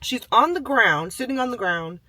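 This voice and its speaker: A man's voice: very high voice, lively intonation, normal speed, pushed and bright, dry recording. A man telling a personal story in a casual, chatty way, full of "like" and "you know", and acting out the voices of people and animals as he goes.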